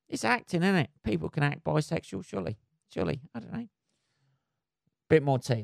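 A man's voice: mid-range voice, vocal fry, clean tone, no room sound, studio quality. A man hosting a solo podcast, swearing constantly and rambling sarcastically. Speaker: podcast host.

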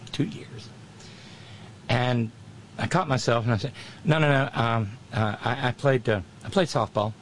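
A man's voice: medium pitch, animated, measured pace, pauses often, a little hiss or hum. Rambling man chatting with viewers. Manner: rambling, self-correcting, wry asides. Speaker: livestream host. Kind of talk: casual chat reading viewer comments.

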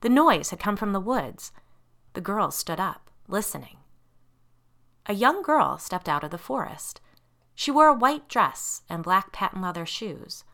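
A woman narrating a scary children's story in an expressive storytelling style. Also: medium pitch, measured pace.

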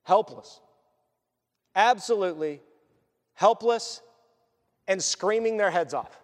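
High-voiced preacher in a reverberant hall. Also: male voice, slow pace. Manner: animated, acts out voices and jokes. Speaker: pastor. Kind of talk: sermon.

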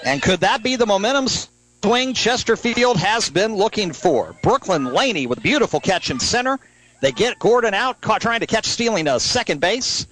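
High-voiced radio play-by-play man. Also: slight background noise, low-quality recording. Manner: brisk, excited on big plays. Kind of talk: live sports play-by-play commentary.

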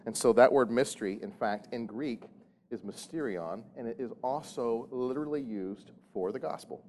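A man's voice: mid-range voice, darkish tone. A male pastor delivers a sermon in a plain, mid-range voice, sounding more like he is chatting than lecturing. He jokes easily and often restarts sentences or repeats a word before going on. A faint noise floor sits under the recording. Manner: conversational, jokey, frequent restarts and repeated words.

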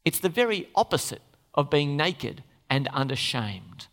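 A preacher delivering a sermon in an expressive way, acting out the characters of the scripture story. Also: medium pitch, unhurried. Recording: long reverb of a large hall.

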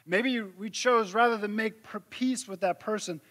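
A man's voice: high-pitched, normal speed, a bit bright. A man preaching a sermon in a conversational way, walking listeners through vivid illustrations and rhetorical questions. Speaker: pastor.

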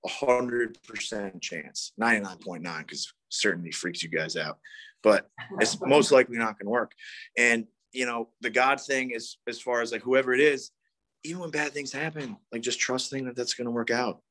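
Man in his thirties, rambling profane storyteller, middle pitch, recovery meeting talk. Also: normal speed, fairly bright tone. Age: 30s.

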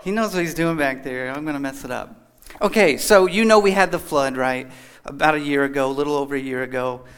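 A man's voice: medium pitch, brisk, fairly bright tone, smooth. A man from Kentucky giving a casual, joking talk as a guest speaker at a church. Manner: chatty, joking, folksy. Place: church hall.

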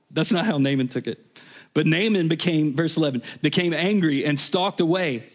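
A man's voice: fairly high pitch, normal speed. A man preaching a sermon as a guest speaker, in a casual, chatty way with offhand asides. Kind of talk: conversational sermon.

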